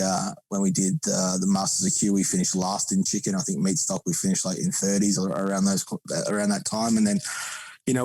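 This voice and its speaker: A man's voice: fairly low pitch, dark tone, no room sound, rough recording. A man chatting casually as a podcast guest, rambling with frequent restarts. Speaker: podcast guest, barbecue competitor.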